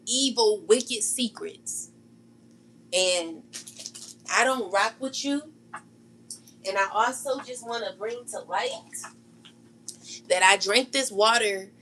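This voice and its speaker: A woman vents to her online audience in a heated, accusing monologue, circling back to the same words and cursing without restraint. Her pitch sits at an ordinary middle level. A faint hiss of background noise runs under the recording. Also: a bit bright, rough recording. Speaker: tarot channel host. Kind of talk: ranting vlog monologue.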